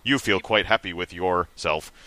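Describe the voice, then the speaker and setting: Deep, bright-toned man reading deadpan. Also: moderate pace. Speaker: podcast co-host reading aloud. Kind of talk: comedic deadpan reading of amateur fiction.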